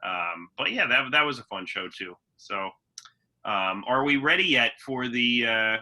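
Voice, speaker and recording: Co-hosting a podcast, a man chats easygoingly, full of fillers and restarts. His medium-pitched voice is sharp in tone and lively in intonation, unhurried, and the recording quality is low.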